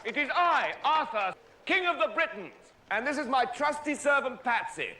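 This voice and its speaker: A man's voice: very high voice, big pitch swings, normal speed, sharp tone, slight background noise, exaggerated voice. A pompous medieval king. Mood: formal. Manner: stately, formal proclamations.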